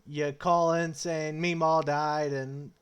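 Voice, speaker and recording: Smooth-voiced young man, joking. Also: a little high, level tone, slow. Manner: jokey, stammering restarts, introduces each topic. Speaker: podcast co-host. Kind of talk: casual chat.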